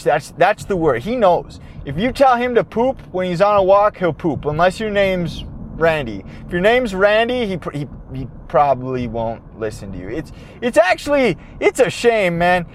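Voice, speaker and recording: A man hosting a podcast, telling a rambling story in casual chat from his car, animated and swearing, trailing off and restarting. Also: high voice, normal speed, a little hiss or hum. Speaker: podcast host. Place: in his car, parked then driving. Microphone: handheld audio recorder.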